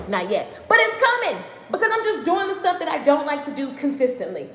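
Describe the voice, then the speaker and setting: A woman giving a fast, excited motivational talk in casual slang on a live stream from her home kitchen, repeating her points for emphasis. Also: high-pitched, echoey room, in a large hall, a little hiss or hum. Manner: excited fast ranting, talks too fast.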